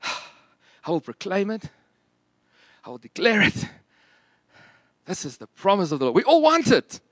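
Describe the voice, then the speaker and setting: A man's voice: sits high, wildly swooping pitch, unhurried, a bit bright, no room sound, clean studio sound, voice pushed up, heavily acted. A man putting on an American accent to play a boastful prosperity preacher. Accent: put-on American. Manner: proclaiming, boastful.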